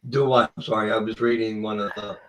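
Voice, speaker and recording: A man on a video call from home late at night, halting and clearing his throat with a frog in his throat. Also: on the low side, level tone, fairly bright tone, rough recording. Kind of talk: casual chat on a call.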